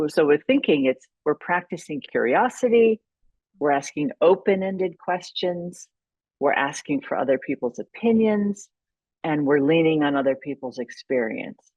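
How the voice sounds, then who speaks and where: A woman with a low voice talks through her ideas in a podcast interview, explaining carefully and often restarting mid-sentence. The sound is dry and a little muffled, with no room around it. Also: a little mellow, dry recording. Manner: thoughtful, explanatory, with frequent restarts. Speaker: podcast guest, leadership consultant. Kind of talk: conversational interview.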